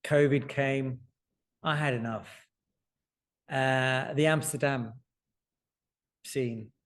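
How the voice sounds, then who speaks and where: A man in his forties, a surgeon and author, telling personal stories in a lively way and acting out the dialogue. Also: medium pitch, takes it slowly. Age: 40s. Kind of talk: conversational storytelling. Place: lecture hall.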